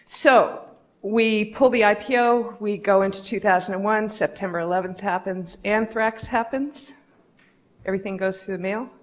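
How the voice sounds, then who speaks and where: Woman telling stories onstage, candid and lively, middle-aged, acts out the people she quotes. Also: medium pitch, normal speed. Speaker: conference speaker. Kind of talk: storytelling keynote talk.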